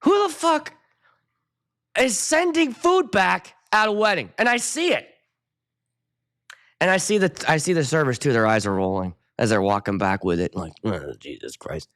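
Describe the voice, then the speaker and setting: A man's voice: fairly high pitch, big pitch swings, normal speed, fairly bright tone. A middle-aged man, a wedding DJ hosting his own show, ranting casually and profanely while chatting with viewers. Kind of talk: casual ranting livestream chat.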